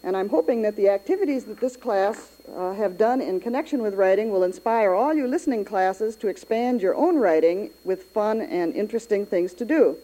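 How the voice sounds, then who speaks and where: A woman's voice: mid-range voice, animated, moderate pace, hardly any pauses, warm tone, rough recording. A woman hosting an educational radio program, chatting with a class and encouraging listening classes.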